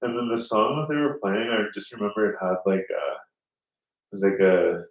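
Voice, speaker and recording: Man, low voice, casual rambling story, swears a lot, roomy room, off-mic. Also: lively intonation, normal speed, creaky, distant mic, lo-fi sound. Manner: rambling, swears often, acts out quoted voices. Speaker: podcast host.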